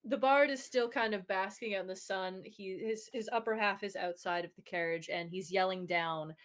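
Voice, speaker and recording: A woman's voice: mid-range voice, normal speed, fairly bright tone. A woman narrating a tabletop game as game master, rambling with fillers and frequent laughter.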